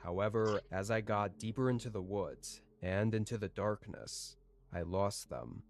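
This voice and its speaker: A man calmly reading out a scripted first-person horror story. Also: fairly low pitch, measured pace.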